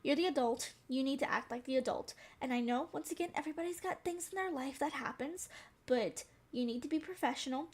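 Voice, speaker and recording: A young woman streamer chats through an old story in a high, bright-sitting voice. She talks frankly and casually, dropping the odd swear word as she goes. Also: fairly quick. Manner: calls herself very sensitive.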